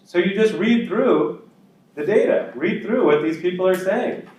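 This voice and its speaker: A man's voice: high-pitched, lively intonation, a little slow, a little mellow, a little hiss or hum. Chatty male lecturer in an echoey room. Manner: conversational, uses plain examples and asides. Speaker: college instructor.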